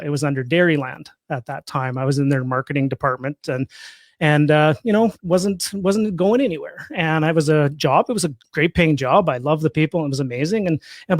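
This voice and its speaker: A man's voice: a little high, no echo, clean studio sound. A man in his fifties with a Canadian accent, a guest in an interview who talks in a chatty, joking, self-deprecating way. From Saskatchewan, Canada. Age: 50s. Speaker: guest, real estate investor. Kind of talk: casual interview talk.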